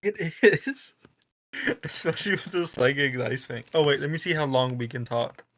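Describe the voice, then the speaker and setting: A man playing a tabletop role-playing game over a call, thinking aloud, hesitant and quick to laugh. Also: medium pitch, expressive, a bit bright. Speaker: player.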